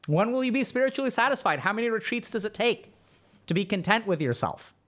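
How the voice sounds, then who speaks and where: A male streamer coaching his viewers on their mental health. His pitch sits a little high and swings widely as he fires off rhetorical questions and checks in with "right?". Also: fast. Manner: animated, asks rhetorical questions, often says "right?". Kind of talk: livestream advice talk.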